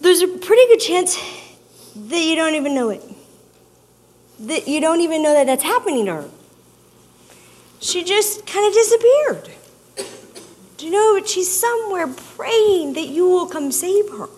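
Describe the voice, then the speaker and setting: A woman giving an expressive, storytelling talk to an audience, drawing out her emphasis. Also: very high voice, slow, pauses often. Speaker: speaker. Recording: long hall reverb.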